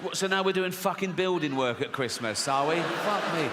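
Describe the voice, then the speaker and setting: A brash, sweary middle-aged comedian working a live crowd, his voice sitting a little high for a man. He swings into loud rants between asides. The sound carries a long theatre reverb with clear audience noise behind it. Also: animated, moderate pace. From England. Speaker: stand-up comedian. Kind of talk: stand-up comedy set. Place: large theatre stage.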